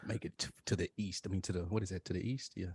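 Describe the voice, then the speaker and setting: A man co-hosting a podcast, teasing his partner in animated, profane casual banter. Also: low voice, very fast, breathy edge, no room sound. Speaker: podcast co-host.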